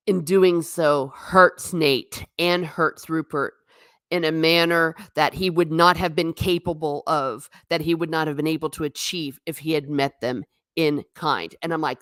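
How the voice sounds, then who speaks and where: A woman with a low-pitched voice chats her way through a TV review on a live stream, slipping into the characters' lines as she retells scenes. The sound is dry and close, with no room echo. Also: measured pace. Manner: animated, acts out quotes from scenes. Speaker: TV show reviewer.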